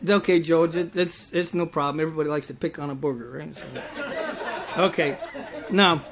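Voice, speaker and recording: A man's voice: fairly high pitch, fairly even intonation, moderate pace, vocal fry, fairly bright tone, a faint crowd. A male preacher giving a sermon to a live congregation, telling stories with stumbling restarts and teasing laughs.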